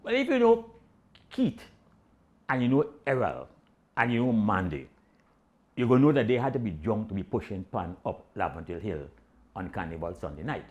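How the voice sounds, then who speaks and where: An older Trinidadian man spins a comic yarn in rich island dialect. His pitch leaps and dips all over as he acts out each character. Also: normal speed, long pauses, lo-fi sound. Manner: animated Caribbean-dialect storytelling with voiced quotes. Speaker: storyteller. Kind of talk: comic storytelling.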